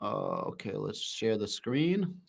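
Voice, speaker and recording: A man hosting a live stream, shouting with excitement in casual slang and answering viewers' comments. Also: on the low side, takes it slowly, vocal fry, breathy edge. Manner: shouting, hyped, slangy, reads chat aloud.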